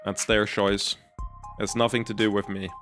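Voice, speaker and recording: A man reading the lines of a cold young man devoted to the clan that raised him, with flat, clipped delivery. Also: fairly low pitch, normal speed, lightly acted. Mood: dismissive. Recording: faint music behind.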